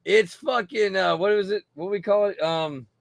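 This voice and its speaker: A man's voice: sits high, moderate pace, gravelly, no echo. A tipsy man hosting a casual livestream, rambling and swearing between laughs. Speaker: livestream host.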